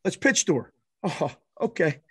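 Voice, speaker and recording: High-voiced, lively podcast host telling a story. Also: male voice, normal speed, husky, no room sound, clean studio sound. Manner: animated, profane, self-deprecating. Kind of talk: casual storytelling.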